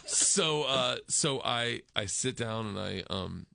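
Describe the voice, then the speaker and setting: A middle-aged man telling an excited, animated story as a talk show guest and acting out the other voices in it. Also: medium pitch, slow pace, vocal fry, no echo, studio quality. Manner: excited, laughing, acts out voices in dialogue.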